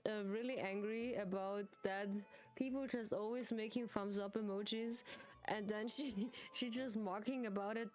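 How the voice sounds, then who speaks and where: A woman with a German accent streaming a video game, chatting casually in halting non-native English, giggling often. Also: fairly high pitch. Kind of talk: casual gaming stream chat.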